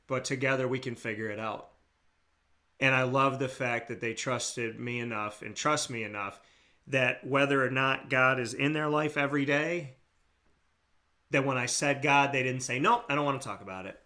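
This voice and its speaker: American guy hosting a talk show, bright punchy voice, heartfelt, keeps repeating himself for emphasis. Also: mid-range voice, normal speed. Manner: earnest, repetitive, passionate emphasis. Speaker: radio show host.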